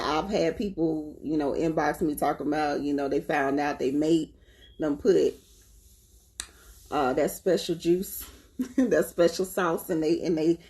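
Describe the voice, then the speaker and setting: Chatty Southern woman with a low voice. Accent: Southern US, North Carolina. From North Carolina. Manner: animated, laughing, talks to her pets and viewers. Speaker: spiritual vlogger. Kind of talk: casual chat to viewers.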